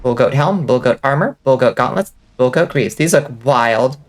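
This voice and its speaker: A woman with a faint Southern accent and a slight lisp, giving casual gaming commentary while enunciating clearly. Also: extremely low pitch, lively intonation, moderate pace. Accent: subtle Southern US. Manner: clear enunciation, swears and laughs often. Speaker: vtuber streamer.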